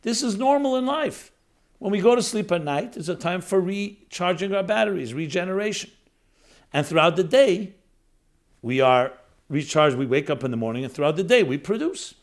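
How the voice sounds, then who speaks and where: A male rabbi delivers a reflective spiritual lecture, his voice sitting a bit higher than most men's. He stacks short phrases one after another. His emphasis swells and then settles back down. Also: animated, normal speed. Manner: reflective, builds lists of short phrases, rises and falls in emphasis. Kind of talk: spiritual talk.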